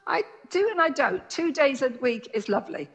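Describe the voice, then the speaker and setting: A woman's voice: sits high, big pitch swings, moderate pace, husky. A woman in her sixties from Jersey, a nurse who is a guest in a casual chat and talks in a friendly, plain-spoken way. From Jersey, Channel Islands.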